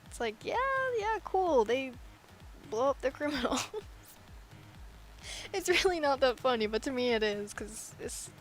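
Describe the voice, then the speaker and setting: A woman's voice: high voice, animated, unhurried, pauses often, soft background music. A woman chatting casually while she draws, rambling and giggly with self-deprecating asides. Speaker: artist drawing on stream. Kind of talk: casual chat while drawing.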